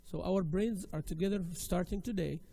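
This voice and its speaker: A man's voice: high-pitched, normal speed, vocal fry, mellow, slight background noise. A male teacher lecturing a women's class, emphatic and exhorting, often repeating his key phrases. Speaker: Islamic studies teacher.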